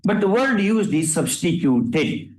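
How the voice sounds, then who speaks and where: A man's voice: high-pitched, very animated, takes it slowly. A man with an Indian English accent speaking from the bench as a judge, lecturing and scolding the lawyers with rhetorical questions. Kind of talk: courtroom remarks from the bench. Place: courtroom. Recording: roomy courtroom sound.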